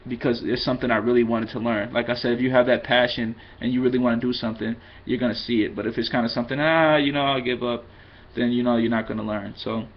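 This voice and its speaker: A man's voice: mid-range voice, lo-fi sound. A man giving a loose, rambling vlog lesson, mixing in Spanish phrases and poking fun at himself. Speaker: vlogger teaching Spanish.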